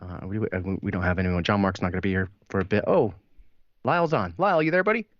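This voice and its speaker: A man on a podcast spins a story in casual chat, lowish voice leaping up and down in pitch. He swears freely, laughs often and acts out what others said. The sound is dry and a bit muffled. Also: lively intonation, quick pace, no room sound. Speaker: podcast co-host. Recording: dry, slightly dull mic sound.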